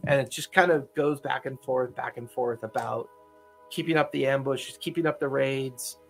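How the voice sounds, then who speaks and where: A man running a tabletop game as game master, narrating in a relaxed, halting way with repeats. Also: medium pitch, vocal fry, soft background music.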